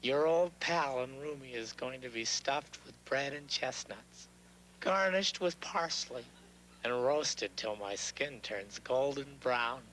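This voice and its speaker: A man's voice: mid-range voice, lively intonation, slow, a bit bright, slight background noise, rough recording. A man doing a wisecracking puppet turkey. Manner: wisecracking, dry and theatrical. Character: witty, worldly talking male turkey. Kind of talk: puppet show acting.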